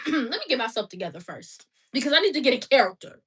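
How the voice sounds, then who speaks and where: A woman's voice: a little high, big pitch swings, fast, a bit bright, slightly rough. A woman vlogging casually, playful and chatty, talking straight to her viewers. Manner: playful, talks to viewers, breaks into laughter and snatches of song. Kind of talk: casual reaction vlog.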